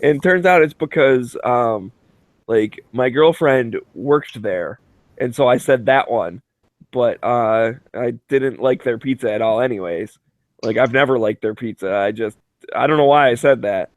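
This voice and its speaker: A man's voice: medium pitch, measured pace, dry recording. A man in casual chat, telling stories with lots of swearing and acting out the voices of others. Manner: profane, animated storyteller who acts out voices. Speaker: show host.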